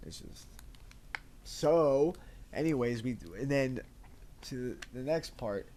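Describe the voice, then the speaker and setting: A man's voice: medium pitch, takes it slowly, dark tone, slight background noise. A man co-hosting a casual chat with his wife, talking in a rambling, emotional way and swearing freely. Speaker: podcast co-host, husband.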